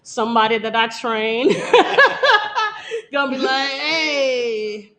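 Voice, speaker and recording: Woman dancer, brash and profane, quick laughs, no-nonsense. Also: on the high side, steady tone, fairly bright tone. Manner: blunt, profane, boastful, laughs often. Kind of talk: casual interview talk. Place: Detroit.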